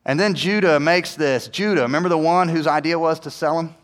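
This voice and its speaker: A man preaching a sermon, telling the story with animated delivery and acting out the characters' lines. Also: fairly high pitch, a little fast, long reverb tail. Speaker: pastor.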